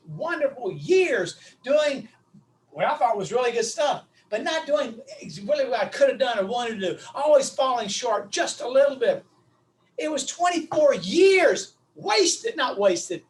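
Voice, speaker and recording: A man's voice: very high-pitched, distant mic. A middle-aged man, coaching on public speaking in an emphatic, repetitive, punchy style over a video call. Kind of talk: animated coaching talk.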